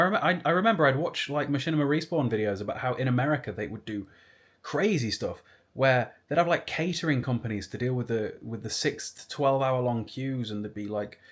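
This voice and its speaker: Young guy, mid-pitched, casual storytelling vlog with rambling asides. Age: 20s. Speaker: YouTuber.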